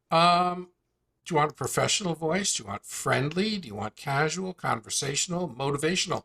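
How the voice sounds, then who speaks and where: A man hosting a live call, walking through a software tool with a chatty sales manner and a string of rhetorical questions. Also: fairly high pitch, lively intonation, moderate pace, breathy edge. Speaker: host presenting an online tool demo. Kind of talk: casual live demonstration on a call.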